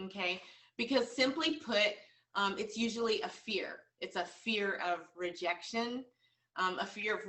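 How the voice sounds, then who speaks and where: A woman's voice: medium pitch, measured pace, pushed and bright, distant mic. A woman giving a motivational training talk to sales agents, earnest and repetitive, with many fillers. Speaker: team leader coaching sales agents.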